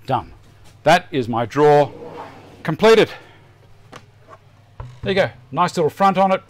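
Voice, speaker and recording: In this live workshop chat, a middle-aged Australian man talks through his woodworking at the bench, casual, self-mocking, and thinking aloud. His pitch is medium, with a little noise in the background.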